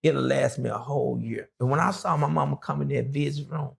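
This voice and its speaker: A man's voice: mid-range voice, steady tone, a little fast. A middle-aged man, an interview guest and former prisoner, telling his story in a loose, rambling way full of fillers. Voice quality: gravelly.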